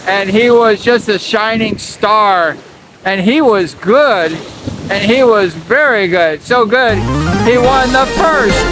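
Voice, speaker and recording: A man's voice: sits high, low-quality recording. A man narrating a casual tribute, repeating his admiring praise. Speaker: channel host and narrator. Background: music.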